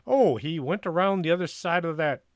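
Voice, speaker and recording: A woman's voice: lowish voice, lively intonation, normal speed, dry recording, pitched above the performer's own voice, close to an everyday voice. Male narrator putting on an earnest, careful woman; dry close sound. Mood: helpful. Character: big, careful woman eager to please.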